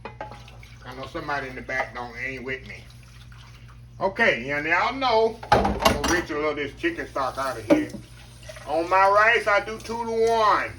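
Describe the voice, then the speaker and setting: A man's voice: on the high side, lively intonation, moderate pace, long pauses, noisy background. A man hosting a casual home cooking demonstration in his kitchen, talking folksily to viewers as "y'all" and savoring the food aloud. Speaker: cooking channel host.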